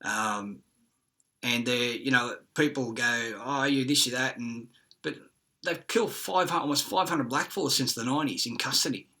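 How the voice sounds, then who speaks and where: A man's voice: mid-range voice, normal speed, sharp tone. A man with an Australian accent ranting in an agitated, profane, rambling monologue.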